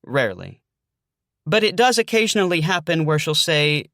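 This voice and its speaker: A man's voice: on the high side, big pitch swings, moderate pace, sharp tone, dry recording. A young adult man narrating a first-person audiobook, hesitant with dry understatement.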